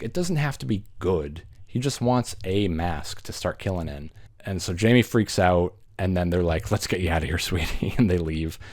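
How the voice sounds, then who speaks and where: Male host with a low voice, giving a loose, jokey movie recap with swearing and put-on character voices. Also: a little mellow. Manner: laughing, swearing, acts out characters in quick voices.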